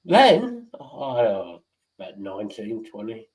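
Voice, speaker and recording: A man's voice: on the low side, slow pace, rough recording. A man who hosts a casual stream chat and tells blunt, swearing stories. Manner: swearing, blunt, animated storyteller. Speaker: stream host.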